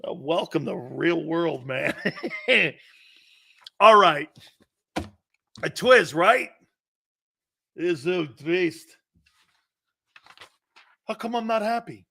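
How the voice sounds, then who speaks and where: A man hosting a sports talk show, brash and excitable, laughing often as he needles his co-hosts. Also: a little high, drawn-out words, creaky, pauses often. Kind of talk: loud opinionated sports radio talk.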